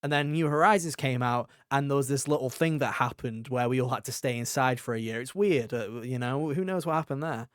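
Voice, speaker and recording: A man in his twenties co-hosting a casual gaming podcast, animated and acting out quotes as he tells stories. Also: mid-range voice, fairly quick, few pauses, clean tone, dry recording, studio quality. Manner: animated storyteller, acts out quotes. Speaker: podcast co-host. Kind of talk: casual chat.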